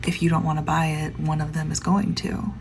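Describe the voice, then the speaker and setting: A woman's voice: sits low, fairly even intonation, brisk, slight background noise. A woman who sells cars tells a matter-of-fact story about a difficult customer. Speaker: car sales worker. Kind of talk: storytelling, anecdote.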